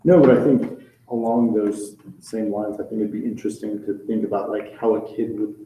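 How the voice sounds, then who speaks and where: Dark-voiced man in an echoey room. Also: lowish voice, steady tone, moderate pace, a little hiss or hum. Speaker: teacher. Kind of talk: casual class discussion.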